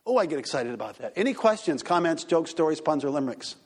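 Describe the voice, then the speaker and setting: A man pastor teaching a church group and taking questions, animated and acting out quoted voices. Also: a little high, quick pace. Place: church hall. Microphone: handheld microphone. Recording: reverberant hall.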